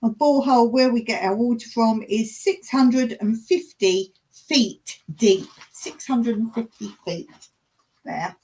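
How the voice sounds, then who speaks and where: A woman's voice: fairly high pitch, measured pace, darkish tone. A woman hosting a casual live chat, giggly and chatty as she reads out viewer comments. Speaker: livestream host.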